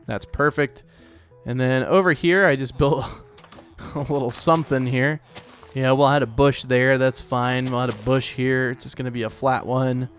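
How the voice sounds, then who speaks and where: A man's voice: mid-range voice, steady tone, moderate pace, faint music behind. A man hosting a let's play, rambling casually as he plays, with lots of fillers. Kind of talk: casual gameplay commentary.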